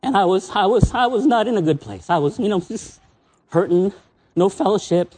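A man preaching a sermon in a church as a visiting preacher, emotional and personal, swinging between excited highs and soft, low asides. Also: normal speed, husky.

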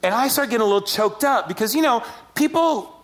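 A man preaching a sermon, telling stories with animated, self-deprecating humor. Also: very high-pitched, fast. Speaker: pastor.

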